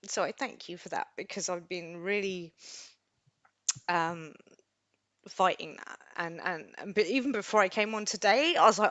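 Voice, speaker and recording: A woman hosting a live stream, talking in an unscripted, rambling and expressive way while close to tears. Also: fairly low pitch, unhurried, dry recording. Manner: rambling, expressive, self-deprecating. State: tearful, emotional.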